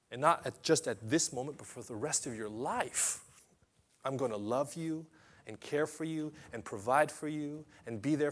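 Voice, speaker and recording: A preacher voicing God as a kind father who speaks in a soft, low, reassuring way. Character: kind, fatherly God promising lasting care.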